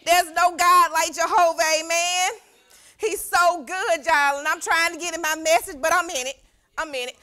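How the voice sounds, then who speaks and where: This young woman, a youth pastor, preaches with exuberance and calls out to the congregation, which answers back. Her very high voice holds a steady, sharp tone at normal speed.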